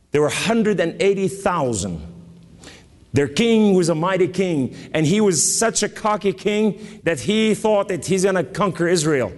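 Lebanese-accented guy preaching, fervent, loud then low and solemn, kinda high voice, long hall echo. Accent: southern Lebanese. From southern Lebanon. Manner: fervent, swinging between loud declarations and low solemn passages. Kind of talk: sermon.

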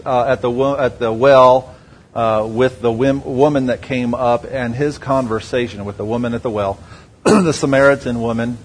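Man preaching a conversational sermon. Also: mid-range voice. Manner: conversational, asks the congregation questions. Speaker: pastor. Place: church before a congregation.

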